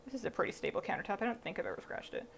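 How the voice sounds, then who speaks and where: A woman talks her way through a bake on a live stream, thinking aloud and joking about her own slip-ups. Her pitch sits in an ordinary middle range. A faint hum of room noise lies under her voice in the kitchen. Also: big pitch swings, racing, creaky. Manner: chatty, thinks aloud, self-deprecating. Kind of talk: casual live-stream chat. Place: home kitchen. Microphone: streaming mic through a mixer.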